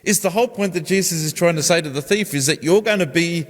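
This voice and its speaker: This pastor's voice sits high, and he talks fast with few pauses while preaching a conversational sermon in church. He puts questions to his congregation, and a long church reverb trails his words.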